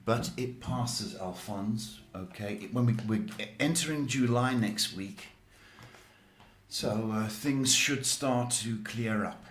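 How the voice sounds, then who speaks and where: Speaking slowly in a mid-range voice, a man hosts a psychic live stream, giving advice in answer to viewers' questions. He's chatty and reassuring, with frequent "okay"s and "folks," and the room sounds echoey.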